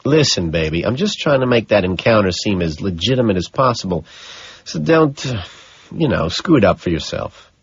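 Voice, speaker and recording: A man's voice: lowish voice, very animated, moderate pace, slightly rough, no echo, muffled recording, exaggerated voice. A man voicing a vain, volatile young man in an audiobook, sneering and cold. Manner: cold, sneering, rising to anger. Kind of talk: audiobook character reading.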